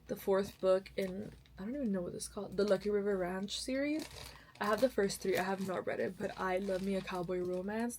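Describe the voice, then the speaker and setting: A young woman talks casually in a chatty, rambling way, often stopping to correct herself. She sounds a little tired, at an ordinary pitch, with a faint hiss in the background. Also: a little mellow, poor audio. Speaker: book vlogger. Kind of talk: casual chat to camera.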